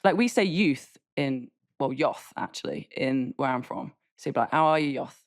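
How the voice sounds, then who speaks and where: A woman's voice: a bass voice, lively intonation, normal speed, no room sound, clean studio sound. A woman with a Derby accent co-hosting a podcast, chatting casually and explaining slang with easy laughs. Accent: Derby English. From England. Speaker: podcast co-host. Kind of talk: casual chat.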